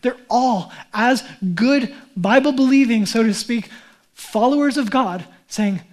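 A man's voice: very high voice, moderate pace. A man, a pastor, preaching a sermon in a conversational way, often asking and answering his own questions.

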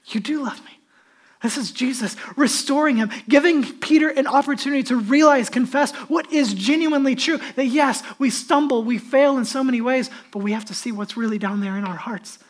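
A male pastor delivers a sermon in a relaxed, conversational tone. He is earnest and often turns to the congregation with direct questions. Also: very high voice, fairly quick, few pauses.

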